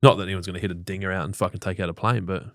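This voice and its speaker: A man's voice: deep voice, steady tone, racing, fairly bright tone, dry recording, studio quality. Swearing, joking Australian man. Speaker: podcast co-host. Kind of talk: casual live chat.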